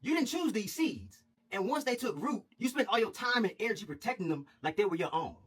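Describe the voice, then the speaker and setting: A man's voice: sits high, very animated, fairly quick, a bit bright, husky, exaggerated voice. A man voicing a streetwise old male groundskeeper who gives blunt, profane advice. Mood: wise.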